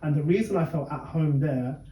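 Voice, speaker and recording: A man originally from Bangladesh speaking in a casual chat, earnest and measured as he tells a personal story. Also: a little high, dull audio. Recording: echoey room, mic at a distance, faint noise.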